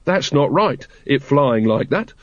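A man's voice: medium pitch, expressive, a little slow, no room sound, muffled recording, lightly acted. A man voicing an earnest, rule-minded young watchman with a pedantic manner.

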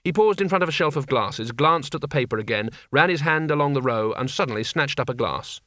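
Measured male audiobook narrator. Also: mid-range voice, lively intonation, bright, forceful tone, dry recording, clean studio sound. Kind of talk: scripted narration.

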